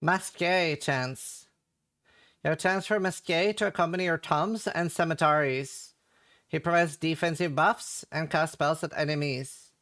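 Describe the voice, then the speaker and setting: A man's voice: on the high side, fairly even intonation, a little slow, a bit bright. A young Norwegian man with a Norwegian accent, chatting casually and rambling as he reads patch notes and viewer chat on a livestream. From Norway. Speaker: streamer reading patch notes.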